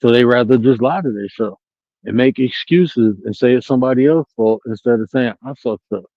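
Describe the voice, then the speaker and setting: A man talking bluntly and profanely from home on a live-stream panel, telling animated stories with laughter. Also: mid-range voice, brisk, no room sound, lo-fi sound.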